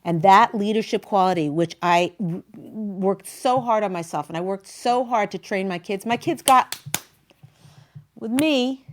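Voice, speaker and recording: A woman's voice: medium pitch, measured pace. A woman talk show host retelling a story in a chatty, emotional way, with many fillers. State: near tears.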